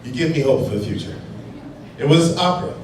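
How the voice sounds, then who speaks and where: A wry man from Chicago does stand-up in a busy bar, his speech rising and falling in animated swings. He sounds far from the mic, in a very echoey room over clear crowd noise. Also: fairly high pitch. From Chicago, USA. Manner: wry, playful, quick jumps into put-on voices. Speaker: stand-up comedian. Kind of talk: stand-up comedy set. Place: bar stage in a brew pub. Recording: distant, echoey, noisy live bar recording. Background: audience laughter and bar noise.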